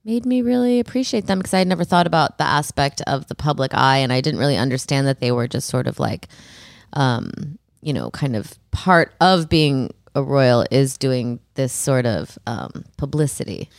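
A woman co-hosting a podcast in casual comedic chat, relaxed, wry and chatty. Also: very deep voice, normal speed, vocal fry, dry recording, clean studio sound. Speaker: podcast co-host.

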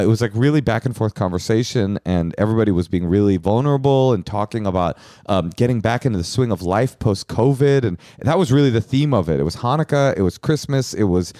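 Male podcast co-host, low pitched and lively, comedic banter. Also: dry recording, clean studio sound. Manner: animated, jokey, trails off and restarts. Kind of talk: casual comedic chat.

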